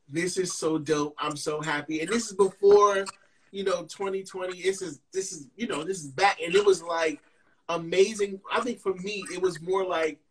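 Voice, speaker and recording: Animated high-voiced male co-host. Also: slight background noise, low-quality recording. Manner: animated, repeats phrases, uses slang. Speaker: podcast co-host. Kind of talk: casual interview chat.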